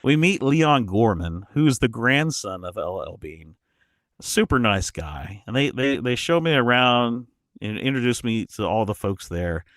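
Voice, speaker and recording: A man guest on a podcast, telling a travel story in an animated way, often restarting his sentences. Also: medium pitch, a little slow, no echo, clean studio sound. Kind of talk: casual storytelling.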